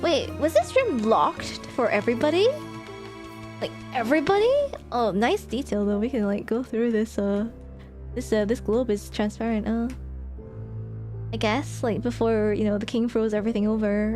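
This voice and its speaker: A woman's voice: a little high, moderate pace, darkish tone, soft background music. A woman streamer reading game text aloud and reacting expressively, exclaiming and laughing between passages.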